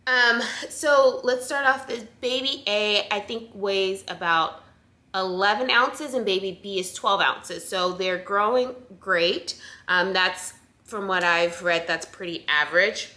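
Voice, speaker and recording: A young woman talks casually straight to her camera, filling pauses with ums and restarting sentences as she goes. Her voice is bright and forward, with a slightly breathless edge. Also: medium pitch. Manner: chatty, with frequent ums and restarts. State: a little out of breath. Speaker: vlogger sharing pregnancy updates.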